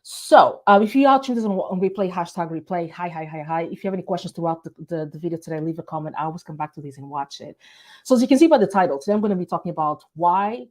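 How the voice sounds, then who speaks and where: A woman's voice: lowish voice, quick pace, few pauses, a little mellow. A woman from Portugal hosting her weekly live business-tips show, talking casually with fillers and restarts. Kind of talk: casual live-stream talk.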